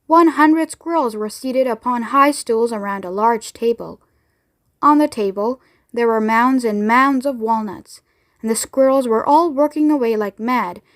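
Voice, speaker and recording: Expressive woman reading a storybook aloud. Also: fairly high pitch, normal speed. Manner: expressive, lively, voices each character. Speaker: storybook reader. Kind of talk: read-aloud storybook narration.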